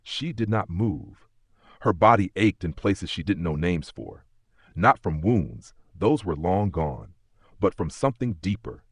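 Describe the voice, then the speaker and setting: A man narrates an audiobook in a measured, solemn voice, pausing often. His tone is low and husky, recorded dry and close. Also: animated, no echo. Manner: measured, solemn, many pauses. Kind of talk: scripted narration.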